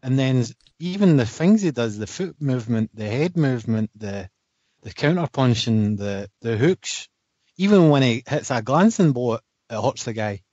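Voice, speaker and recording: A man's voice: mid-range voice, animated, moderate pace, darkish tone, dry recording, lo-fi sound. A man co-hosting a casual podcast chat, enthusiastic and swearing freely, often trailing off mid-sentence. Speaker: podcast co-host. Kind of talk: casual chat about boxing.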